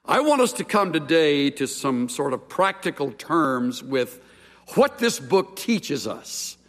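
A man preaching a sermon with a measured, emphatic pulpit delivery. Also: fairly high pitch, fairly bright tone, big-room sound.

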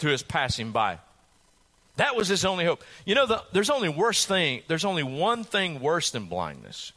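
Dramatic, bright-voiced male preacher. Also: on the high side. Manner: dramatic storytelling preacher who asks rhetorical questions. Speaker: pastor. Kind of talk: sermon.

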